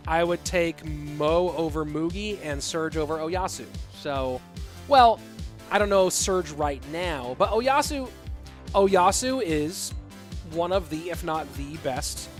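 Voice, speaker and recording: A man casting a live esports match, excitable and rambling, with chatty asides to the viewers. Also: a little high. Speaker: esports caster and streamer. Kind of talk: live esports commentary with chat reading.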